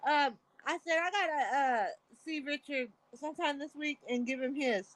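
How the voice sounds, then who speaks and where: On a video call as a live-stream guest, a middle-aged woman chats casually in a high-pitched, slightly bright voice at normal speed, with no echo. Her stories wander, she laughs often, and she curses freely.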